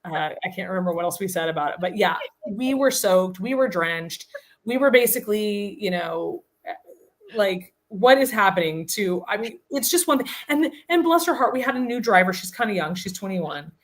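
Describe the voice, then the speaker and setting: A woman guest on a podcast, telling a comic story in animated, casual chat. Her voice is mid-pitched, and she moves it around a great deal as she talks. She laughs often and tosses in quick asides.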